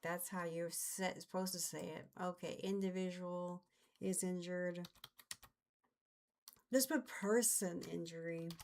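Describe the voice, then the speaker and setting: A woman's voice: lowish voice, fairly even intonation, slow, a little mellow. A woman streamer with a light Southern American accent, chatting casually as she thinks aloud and trails off mid-sentence. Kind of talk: casual live-stream chat while working on a game map.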